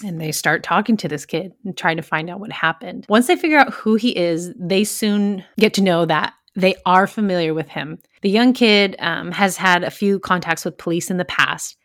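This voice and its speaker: Woman crime scene tech telling a nasty work story, lowish voice, laughs a lot, super dry sound. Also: normal speed, hardly any pauses, fairly bright tone, no echo. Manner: candid, laughs through the gross parts. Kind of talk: casual storytelling.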